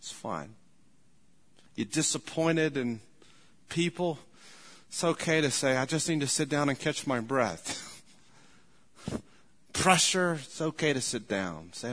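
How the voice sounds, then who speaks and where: A man's voice: medium pitch, lively intonation, slow, pauses often, a bit bright. A man preaching a sermon, telling folksy stories, repeating his points and chuckling as he speaks. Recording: long hall reverb.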